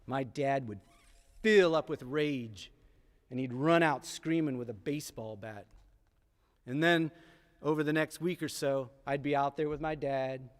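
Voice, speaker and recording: Man telling a story on a theatre stage. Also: medium pitch. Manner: dramatic pauses, emphatic repetition. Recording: long theatre hall reverb.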